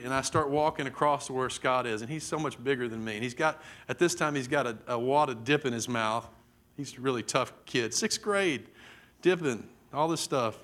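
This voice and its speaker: Preacher, middle-aged man, sermon storytelling, mid pitch, dramatic delivery. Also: a bit bright. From Texas. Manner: vivid, dramatic storytelling with acted-out quotes.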